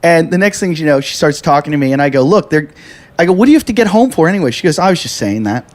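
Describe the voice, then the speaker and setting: A man's voice: on the high side, lively intonation, very fast, a little mellow. A man hosting a casual podcast chat, telling an anecdote, acting out quoted voices and laughing often. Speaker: podcast host.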